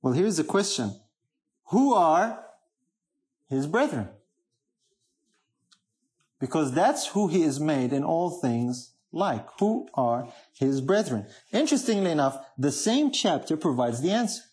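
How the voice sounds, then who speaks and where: A man's voice: on the high side, very animated, moderate pace, few pauses, a little mellow. A man preaching a sermon, emphatic, often asking the congregation questions.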